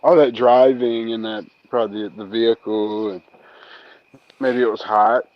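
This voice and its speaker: A man's voice: medium pitch, fairly even intonation, unhurried, no echo, lo-fi sound. A man chatting as a guest on a live stream, laid-back and brief in his remarks. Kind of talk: casual live stream chat.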